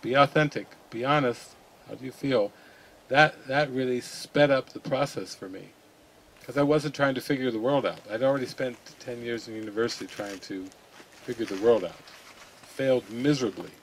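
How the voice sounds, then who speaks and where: A man giving an unscripted spiritual talk, relaxed and musing, often laughing softly. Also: mid-range voice, normal speed, husky, rough recording. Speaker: spiritual teacher.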